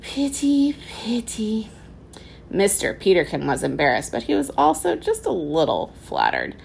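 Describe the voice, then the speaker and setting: Gravelly, lively-voiced woman reading a story aloud. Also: deep voice, moderate pace, slight background noise, low-quality recording. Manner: expressive narration. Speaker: teacher.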